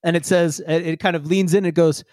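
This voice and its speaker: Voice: mid-range voice, steady tone, a little fast, darkish tone, no echo, clean studio sound. A game master narrating a tabletop game in a chatty way, explaining with many fillers.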